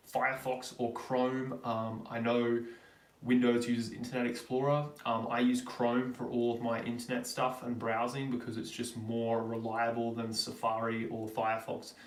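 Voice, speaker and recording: Australian man in a roomy, distant stream mic. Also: medium pitch. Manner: chatty, reads out viewer questions and answers them. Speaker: livestream host. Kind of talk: casual live Q&A.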